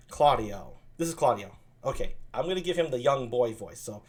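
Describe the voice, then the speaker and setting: A man's voice: mid-range voice, big pitch swings, quick pace, few pauses, darkish tone. A man hosting a casual stream, reading a play aloud and chatting between lines.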